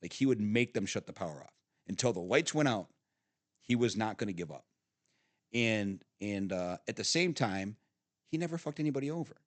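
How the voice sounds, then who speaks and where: Middle-aged man, podcast guest, salty animated storyteller, dry close studio sound. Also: fairly low pitch, normal speed, dry recording. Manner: animated storyteller, swearing, frequent laughs and restarts. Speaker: podcast guest, father of the host. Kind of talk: casual storytelling chat.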